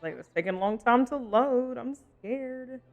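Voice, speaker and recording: A man's voice: very high-pitched, a little fast, muffled recording. A man streaming a role-playing game, rambling and joking while he chats with his viewers. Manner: rambling and joking, talks to chat. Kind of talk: casual gaming livestream commentary.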